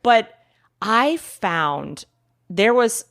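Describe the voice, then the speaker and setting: A woman in her forties, a guest actor on a casual podcast, telling stories in an animated, laughing way and trailing off mid-thought. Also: on the high side, extremely slow. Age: 40s.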